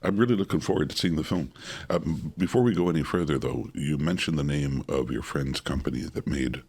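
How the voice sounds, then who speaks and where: A man with a very deep voice hosts a podcast. His tone is husky and breathy, and he asks long, playful questions in a relaxed conversation. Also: fairly quick. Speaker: podcast host. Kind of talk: casual chat.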